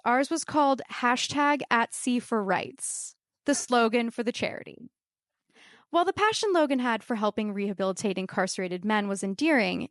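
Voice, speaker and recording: A woman performs a true comic story for a live audience, dropping wry, deadpan asides. Her voice sits fairly high. The sound is dry and close. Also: dry recording.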